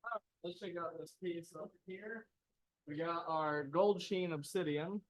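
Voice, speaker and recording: A man with a slightly high voice gives an easygoing, hands-on walkthrough at a rock saw in an indoor workshop. He explains the machinery step by step. The sound is dry and close. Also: measured pace, no room sound, low-quality recording. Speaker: lapidary saw operator. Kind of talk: casual hands-on demonstration.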